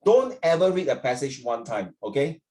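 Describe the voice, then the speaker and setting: A man's voice: mid-range voice, big pitch swings, moderate pace, warm tone. Joking Singaporean male English teacher. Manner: chatty, joking, mixes in Mandarin. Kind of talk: online class teaching. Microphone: video call.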